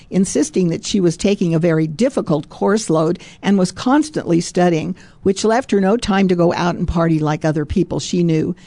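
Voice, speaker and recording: A woman's voice: on the low side, warm tone, no echo. A woman giving a Christian devotional, reading a story aloud and breaking in with chuckles, repeated phrases and "praise God" asides. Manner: emphatic, repeats phrases for stress.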